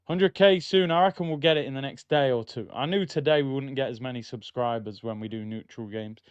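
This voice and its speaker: A man's voice: mid-range voice, fairly quick, smooth, no room sound, highs cut off. A young man, casually reacting to a football match live for his stream and reading out chat messages. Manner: casual, reacts loudly to chances, reads out chat. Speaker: watchalong streamer. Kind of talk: live football watchalong commentary. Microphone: streaming mic.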